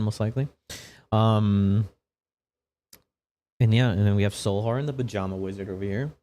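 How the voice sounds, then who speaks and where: A man's voice: lowish voice, dark tone. A man narrating as game master of a tabletop game, casual and profane with a rambling delivery.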